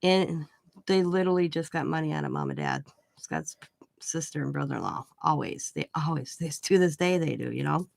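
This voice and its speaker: A woman hosting a craft channel, casually telling a rambling family story full of asides and lively retold dialogue. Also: low voice, moderate pace, creaky, no room sound. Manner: rambling, chatty, full of "you know" asides; animated when retelling quoted dialogue.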